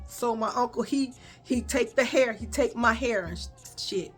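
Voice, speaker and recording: A woman telling a childhood story in a casual, animated way, calling her viewers y'all and baby. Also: on the high side, moderate pace, soft background music. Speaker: storyteller vlogger.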